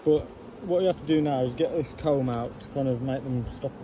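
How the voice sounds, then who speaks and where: A man's voice: medium pitch, brisk, warm tone, slight background noise. A man, chatting and telling stories while removing bees. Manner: chatty, tells anecdotes, laughs easily. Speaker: bee removal worker. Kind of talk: casual chat while working.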